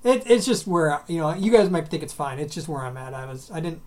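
A man's voice: a little high, lively intonation, a little fast, darkish tone. Joking man on a podcast. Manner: joking, laughs often, trails off mid-sentence. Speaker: podcast co-host. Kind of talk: casual chat.

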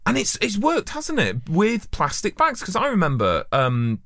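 Lively man in casual chat. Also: measured pace. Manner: animated, jumps in pitch when acting out quotes. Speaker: podcast co-host. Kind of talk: casual conversation.

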